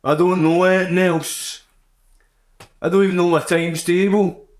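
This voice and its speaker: A man's voice: high voice, flat delivery, normal speed, echoey room, pitched above the performer's own voice, natural voice. A man with a Glaswegian accent voicing a weary male ground worker who rants crudely and pities himself. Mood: weary grumbling. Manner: crude, self-pitying rant.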